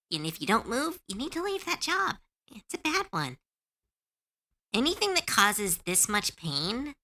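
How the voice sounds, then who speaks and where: Talking casually to her viewers, this woman streamer is earnest and reassuring, full of fillers and quick to laugh when she's unsure. She has a mid-range voice with a sharp tone.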